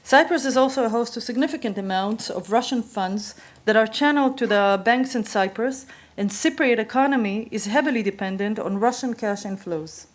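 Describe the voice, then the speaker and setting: A woman delivers a prepared conference talk in a measured way. Her voice sits a little high, and she reads from notes with the odd filler. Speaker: conference speaker. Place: conference hall.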